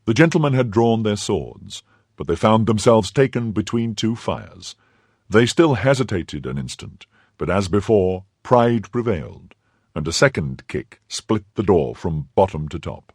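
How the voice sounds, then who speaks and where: Husky, expressive male audiobook narrator. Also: on the low side, unhurried, no room sound, studio quality. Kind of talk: scripted narration.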